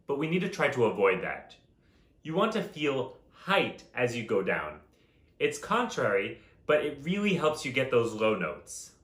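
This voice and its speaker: A man teaching a voice lesson in a calm, instructive way, with chanted vocal examples. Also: medium pitch, moderate pace, roomy sound, soft background music. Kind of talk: vocal lesson with sung demonstrations.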